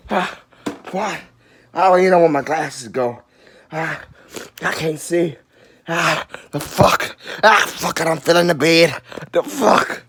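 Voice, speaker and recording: A man's voice: a little slow, gravelly, pauses often, fairly bright tone. A man in a casual vlog, groaning, swearing and whooping as spicy food burns his mouth, out of breath. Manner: swearing, breaks into high whoops. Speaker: vlogger.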